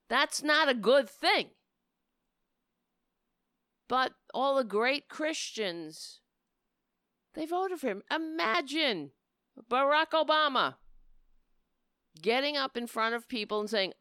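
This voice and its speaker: A political commentator, a woman, delivers a sarcastic, scornful rant on a close mic with no echo, often slipping into mocking voices. Her voice is high-pitched, expressive, sharp, clear and resonant, coming slowly with long pauses.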